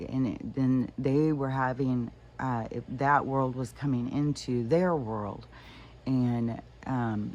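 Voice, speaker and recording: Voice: medium pitch, a little mellow, slight background noise. Rambling spiritual vlogger telling a story. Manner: rambling, with fillers and laughs. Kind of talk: casual storytelling monologue.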